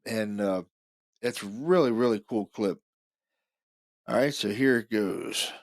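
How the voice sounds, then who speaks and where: A man's voice: on the low side, slow, no echo, studio quality. A man hosting a podcast, talking casually and eagerly about recorded evidence, repeating himself often. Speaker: podcast host.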